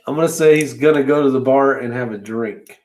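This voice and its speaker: A man's voice: mid-range voice, fairly quick, darkish tone. A man co-hosting a casual podcast, joking and teasing his co-host. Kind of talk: casual chat.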